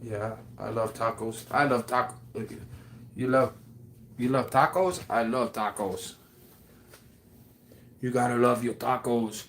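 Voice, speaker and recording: A man's voice: medium pitch, creaky, a little hiss or hum. Rambling, friendly livestream guy. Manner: rambling, affectionate, heavy on fillers. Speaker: livestream host. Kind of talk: casual livestream chat.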